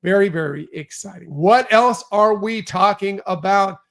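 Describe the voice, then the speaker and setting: Upbeat male podcast host, casual and chatty, with a high voice that has some gravel in it. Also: measured pace, fairly bright tone. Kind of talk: casual chat.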